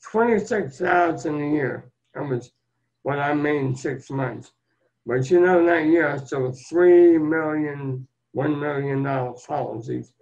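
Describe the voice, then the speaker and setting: Older male guest, gravelly voice, folksy earnest storytelling, muffled lo-fi sound. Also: on the high side, measured pace, darkish tone. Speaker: guest, motivational speaker. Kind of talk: storytelling interview talk. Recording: dull lo-fi sound.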